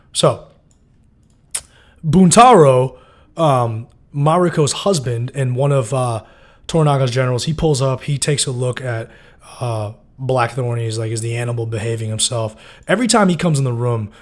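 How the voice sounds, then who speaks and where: A man's voice: mid-range voice, moderate pace. Chatty man swearing through a show recap. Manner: loose and chatty, heavy on fillers and swearing. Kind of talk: casual episode breakdown.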